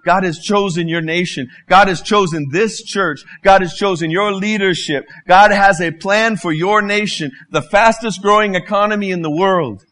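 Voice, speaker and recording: A man in his fifties preaching a sermon as a guest preacher, telling humorous, animated stories. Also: high voice. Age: 50s.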